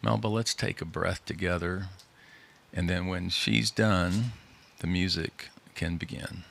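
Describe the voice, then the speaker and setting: A man hosting a live community show, talking in a relaxed, rambling way into a studio microphone. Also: deep voice, unhurried, gravelly. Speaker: host.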